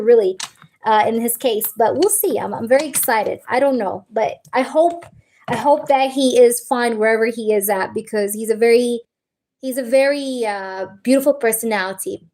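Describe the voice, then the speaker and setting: A woman's voice: on the high side, moderate pace, darkish tone. A woman reading tarot on a live stream, talking to her viewers in a rambling, emotional way full of fillers and restarts, teary at times. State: teary, tearing up. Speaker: tarot reader on a livestream.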